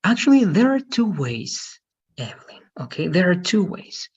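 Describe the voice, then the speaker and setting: A man's voice: sits high, sing-song, normal speed, breathy edge, lo-fi sound. A male English teacher, patiently explaining word stress in an online lesson and checking understanding often.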